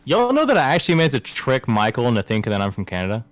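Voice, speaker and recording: A man's voice: medium pitch, wildly swooping pitch, very fast. A young man co-hosting a casual podcast with friends, rambling through a story and laughing often. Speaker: podcast co-host. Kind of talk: casual chat among friends.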